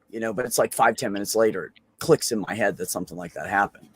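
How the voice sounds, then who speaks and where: रूखी आवाज़ में गालियों भरी बातें करता आदमी. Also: male voice, lowish voice, fast talker, slightly rough, dry recording. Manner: swears freely, rambling with many fillers. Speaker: open mic show host. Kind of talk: casual storytelling on a video call. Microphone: computer microphone on a video call.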